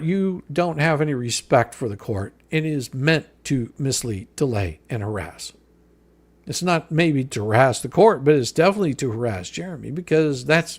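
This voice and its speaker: A man's voice: mid-range voice, creaky, husky. A man hosting a live stream, reading a legal filing aloud and answering each point with profane, sarcastic mockery. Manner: mocking, profane, sarcastic rebuttals.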